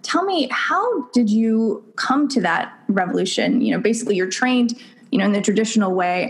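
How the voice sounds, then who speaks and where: A woman's voice: mid-range voice, expressive, moderate pace, husky. A woman hosting a podcast, speaking earnestly and directly to her listeners before welcoming a guest. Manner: earnest, warm-hearted direct address to listeners. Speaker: podcast host. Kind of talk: podcast intro and interview.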